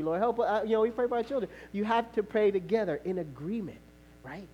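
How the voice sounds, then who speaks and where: A male pastor preaching a sermon, telling a story in a conversational way with laughter and sudden shouts. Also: sits high, animated, a little fast, dull audio, slight background noise.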